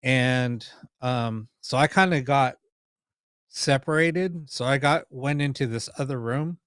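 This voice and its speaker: Guy hosting a paranormal live stream, rambly with lots of ums, smooth voice, dry close sound. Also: mid-range voice, takes it slowly, a bit bright, no room sound. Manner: rambling, many ums and restarts, mild swearing. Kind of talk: casual storytelling on a live stream.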